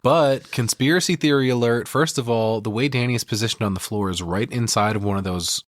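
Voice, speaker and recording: A man's voice: mid-range voice, brisk, dry recording, studio quality. A male podcast co-host giving a profane, casual film breakdown. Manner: profane, storytelling recap.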